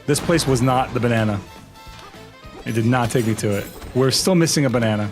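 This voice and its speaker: A man streaming a game live, talking playfully with a co-player and breaking into goofy shouted chants as he narrates his moves. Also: mid-range voice, fairly quick, music in the background. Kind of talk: live gaming stream commentary.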